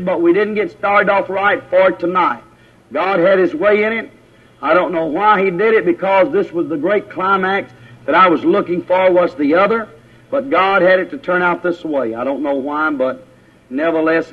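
A man preaching a sermon, folksy and plain-spoken, his voice climbing higher when he exhorts. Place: church. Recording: lo-fi muffled old church recording.

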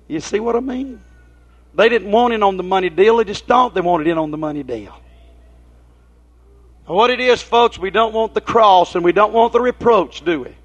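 In a dull lo-fi recording, a man with a high, expressive voice speaks at normal speed. He preaches in a folksy manner, telling homespun stories and asking his listeners rhetorical questions.

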